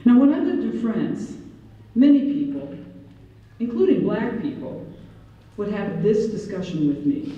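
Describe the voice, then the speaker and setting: A woman's voice: fairly high pitch, unhurried, long pauses. Midwestern woman lecturing in an echoey hall. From Ohio and Michigan, USA. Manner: animated, acts out quoted voices, slips into French. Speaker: professor giving a talk. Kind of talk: personal storytelling lecture. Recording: echoey hall, distant mic, dull sound.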